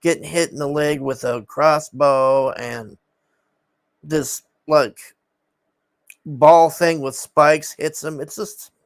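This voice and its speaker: A man's voice: on the high side, fairly even intonation, takes it slowly, no echo. A man casually recapping a film in a rambling, exasperated way, swearing often and sighing.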